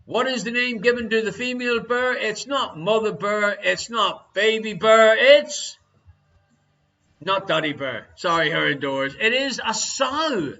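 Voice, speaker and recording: A man's voice: high voice, measured pace, gravelly, pushed and bright, dull audio, soft background music. An Irish man hosting a live-streamed quiz, reading out answers and teasing viewers with jokey banter. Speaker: quiz show host.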